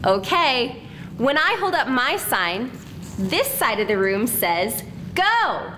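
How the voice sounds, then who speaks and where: A woman's voice: on the high side, lively intonation, background noise. A woman presenter talking cheerfully with a mascot and leading students in a cheer at a school assembly. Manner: slow, cheerful, leads chants.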